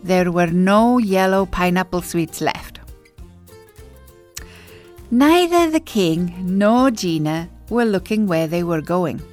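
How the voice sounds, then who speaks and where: A woman narrating a children's storybook in an expressive, clear, unhurried way. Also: fairly low pitch.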